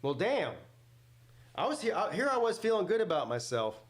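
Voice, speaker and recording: A man's voice: sits high, sing-song, normal speed, reverberant. A man hosting a live football reaction stream. He jokes, swears freely and answers his chat. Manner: loud, joking, swears freely, talks back to chat. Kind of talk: casual live reaction commentary.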